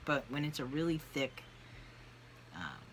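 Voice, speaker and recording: Bright, rambling candid vlogger. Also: mid-range voice, measured pace, a little hiss or hum. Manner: rambling, candid, animated with frequent fillers. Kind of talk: casual personal vlog.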